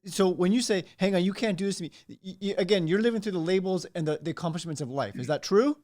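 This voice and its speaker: A man hosting an interview, animated and quick to jump in, often stammering and restarting. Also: sits high. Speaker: podcast host. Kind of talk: interview conversation.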